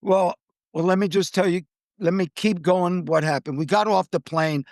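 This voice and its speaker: High-voiced older man telling a story. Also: moderate pace, no echo, studio quality. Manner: animated, acts out quoted people with jumps in pitch. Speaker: co-host telling a travel story. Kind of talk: casual storytelling chat.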